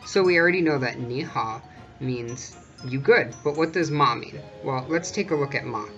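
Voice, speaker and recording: Casual video tutor, chatty and explanatory, sharp bright tone. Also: mid-range voice, moderate pace, dull audio, faint music behind. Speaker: language tutorial vlogger.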